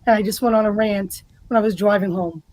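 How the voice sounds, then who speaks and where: A woman from the New York area, a guest on a podcast, talking in a blunt, profane and forceful way. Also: mid-range voice, fairly even intonation, fast, no echo, rough recording. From United States. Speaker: guest, political ranter. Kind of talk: casual podcast chat.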